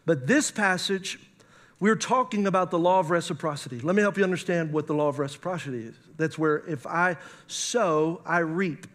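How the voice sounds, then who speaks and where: High-voiced man preaching a sermon. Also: moderate pace, fairly bright tone. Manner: preaching with emphatic rises, reads scripture aloud. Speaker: pastor.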